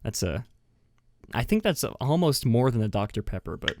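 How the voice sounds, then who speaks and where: A man hosting a podcast from home, talking casually and laughing at himself. His voice sits at an ordinary middle pitch and the sound is close and dry, with no room echo. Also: very animated, normal speed. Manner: chatty, self-mocking, giggly. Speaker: podcast host. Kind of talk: casual chat. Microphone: webcam with mic.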